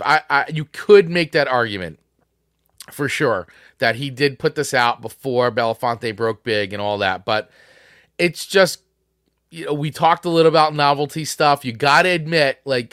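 A man's voice: medium pitch, fairly bright tone, no echo, clean studio sound. A man co-hosting a casual music podcast, talking animatedly with frequent laughs and restarts. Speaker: podcast co-host.

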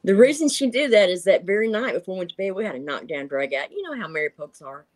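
A woman's voice: mid-range voice, animated, fast. A middle-aged woman, telling stories in casual chat, laughing often and acting out voices. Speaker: guest telling encounter stories.

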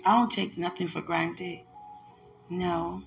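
A woman's voice: fairly low pitch, steady tone, slow pace, vocal fry, faint music behind. A woman giving a heartfelt, emotional religious message, repeating herself and laughing often.

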